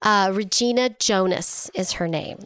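A woman's voice: medium pitch, unhurried, fairly bright tone, smooth, no room sound. A woman in her thirties co-hosting a podcast, telling a story casually with fillers and self-mocking humor. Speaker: podcast co-host.

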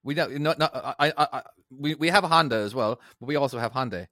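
A man's voice: medium pitch, fast talker, pushed and bright, no room sound, studio quality. Rambling man co-hosting a podcast. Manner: rambling, self-interrupting, chuckly. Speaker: podcast co-host. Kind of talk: casual chat.

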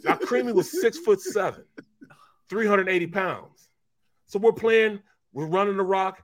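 Middle-aged ex-player co-host, slangy and emphatic, slightly high voice, dry close sound. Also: male voice, a little slow, no room sound. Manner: animated, emphatic storyteller, slangy. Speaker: co-host, former pro football player. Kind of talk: sports talk show storytelling.

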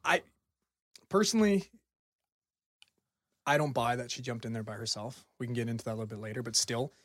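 A man on a casual podcast, eager to tell a spooky story and swearing along the way. His voice sits mid-pitch, recorded dry and close with no room sound. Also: brisk, no echo. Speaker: podcast host presenting research.

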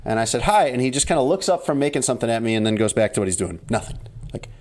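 Casual podcast co-host, male, dry and a bit exasperated, middle pitch. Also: lively intonation, very fast, darkish tone, slight background noise. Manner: storytelling, wry, exasperated. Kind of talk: casual chat.

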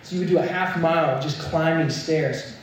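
A man's voice: fairly high pitch, moderate pace, a little hiss or hum. A young man preaching a sermon, telling a story and building to earnest, emphatic points. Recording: echoey hall, mic at a distance.

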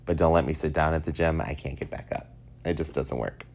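A man in his thirties hosting a casual solo podcast, telling stories in an animated, self-mocking way. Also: very deep voice, a little fast. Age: 30s. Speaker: podcast host.

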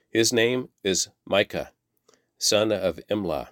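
A man reading a Bible passage aloud in a measured, plain way, lifting his voice for quoted lines. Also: fairly low pitch, lively intonation, no echo, clean studio sound. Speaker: Bible reader. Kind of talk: scripture reading.

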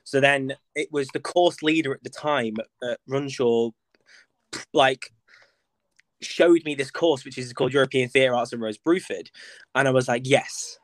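A young man, chatting as a podcast guest in a flamboyant, expressive way. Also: mid-range voice, normal speed, no room sound. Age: young adult. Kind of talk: casual interview chat.

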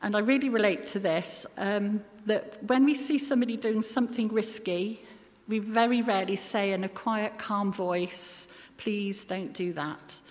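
A woman's voice: mid-range voice, moderate pace. A woman preaching a sermon in an earnest manner, with occasional self-deprecating asides. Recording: long hall reverb.

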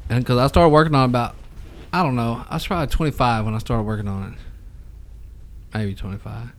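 A man's voice: mid-range voice, normal speed, a little hiss or hum. A man in his thirties, a podcast co-host, talking casually with frequent swearing and laughter, poking fun at himself. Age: 30s. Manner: profane, laughing, self-mocking. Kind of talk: casual chat.

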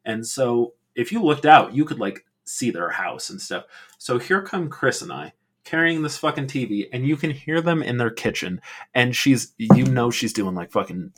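Husky, animated male podcast co-host. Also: medium pitch, moderate pace. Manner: rambling storyteller, swears freely, frequent ums. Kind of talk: casual chat.

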